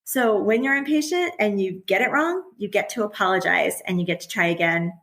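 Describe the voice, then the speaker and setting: A woman's voice: medium pitch, animated, brisk, a bit bright. A middle-aged woman who is a guest on a podcast, talking candidly and conversationally and laughing often as she speaks. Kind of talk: casual conversational interview.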